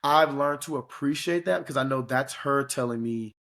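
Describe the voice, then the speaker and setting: A man's voice: mid-range voice, normal speed, fairly bright tone. A young adult man co-hosting a relationship podcast, talking earnestly and rambling with fillers. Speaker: podcast co-host. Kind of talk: casual chat.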